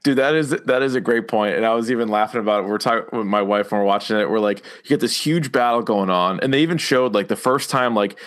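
A man co-hosting a casual podcast chat, animated and quick, jumping into a higher voice when acting out reactions. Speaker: podcast co-host. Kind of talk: casual chat about a TV episode.

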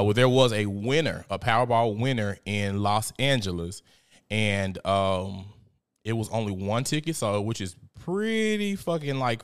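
A man's voice: lowish voice, clear, resonant tone. A young man hosting a live show, chatting casually and animatedly with lots of swearing. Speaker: show host. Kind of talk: casual live-stream commentary.

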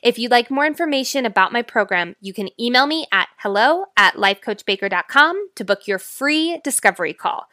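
High-voiced woman life coach on a podcast. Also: expressive, dry recording, clean studio sound. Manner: dramatic shifts between fast loud and slow quiet delivery.

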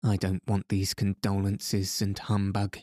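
A man reads a proud young woman who is bitter and upset, in an audiobook. The voice is low, unhurried and dark, with a dry, close sound. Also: completely flat delivery, no room sound.

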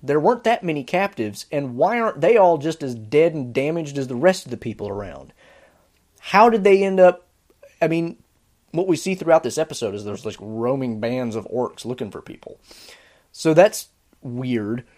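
A man hosting a podcast, giving casual spoken commentary on a series in an exasperated, sarcastic, animated way. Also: on the high side, moderate pace. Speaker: podcast host reviewing a series.

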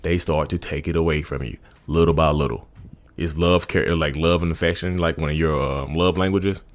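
Speaking at a moderate pace in a rumbling low, steady voice, a man vlogs about narcissism straight to camera, informal and casual, frequently starting over and repeating himself.

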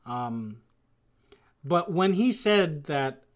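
A speaker in casual chat who rambles and talks in an animated way, often acting out what others say. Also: medium pitch, drawn-out words. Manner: rambling, animated, acts out quotes.

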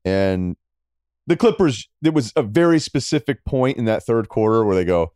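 Low-voiced, animated, sarcastic man. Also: normal speed, clean tone, no echo, studio quality. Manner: animated, sarcastic, jumping between high and low. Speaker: podcast guest. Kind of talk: casual sports chat.

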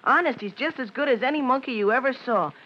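A woman's voice: high-pitched, fast talker. An actress voicing a boastful, stubborn young boy in a 1940s radio drama. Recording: dull old radio recording.

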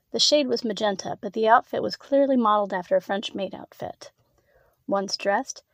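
A woman reads a scripted erotic story in a measured, even way. Her voice is close to the mic and the sound is dry. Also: medium pitch, dry recording. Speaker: story narrator.

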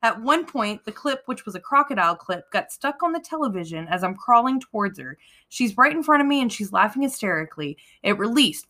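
An American woman co-hosting a podcast, chatting casually and reading out trivia with animated emphasis and frequent laughter. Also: a little high, a little fast. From United States. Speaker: podcast co-host.

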